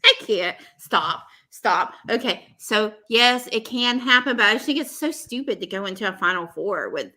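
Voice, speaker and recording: A woman's voice: medium pitch, normal speed. A woman from Texas with a Southern accent, hosting a casual reality-show recap and joking as she goes. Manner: animated, joking, chatty. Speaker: podcast host.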